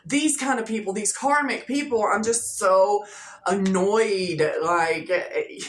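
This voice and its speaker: Woman, tarot reader, casual chatty delivery, fillers and repeats, mid pitch, echoey room. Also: slow. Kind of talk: casual tarot reading for viewers. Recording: echoey room with faint noise.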